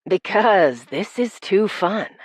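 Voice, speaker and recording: A woman voicing a smug, teasing young man in an audiobook, dropping lower for his lines. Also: expressive, normal speed, no room sound, clean studio sound, close to an everyday voice. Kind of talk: audiobook character voice.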